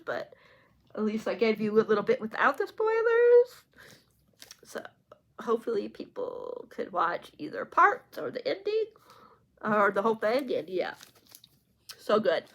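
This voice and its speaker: A woman's voice: fairly high pitch, fairly bright tone, rough recording. A woman chatting casually as she reviews a book, gushing and effusive, a little teary. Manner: gushing, effusive, many fillers.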